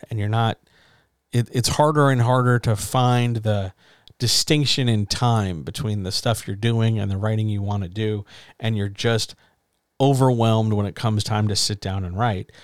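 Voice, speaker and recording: A man's voice: on the low side, no room sound, clean studio sound. Earnest man giving frank encouragement. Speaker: podcast host. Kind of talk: casual advice talk.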